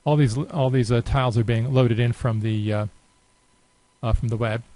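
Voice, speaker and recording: A man giving a relaxed, unscripted screen-recorded software tutorial, thinking aloud with many fillers. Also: medium pitch, normal speed, no room sound, rough recording. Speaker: software demonstrator.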